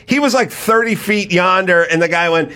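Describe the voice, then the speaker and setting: A middle-aged man hosting a podcast, telling a comic story with exasperation and swearing, dropping low and quiet at times and jumping high to mimic other people. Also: moderate pace. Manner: animated anecdote, swinging up for mimicked voices and down low and quiet. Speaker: podcast host.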